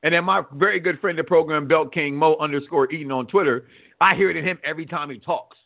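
A man's voice: fairly high pitch, fast talker, vocal fry. A man hosting a casual sports talk show, rambling and repeating words as he thinks. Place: radio studio. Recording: phone-like radio line.

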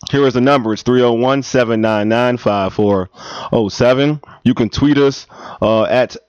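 A man's voice: medium pitch, normal speed, darkish tone, clean tone. A man co-hosting a casual sports radio show, joking and laughing often. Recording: dull, lo-fi radio recording.

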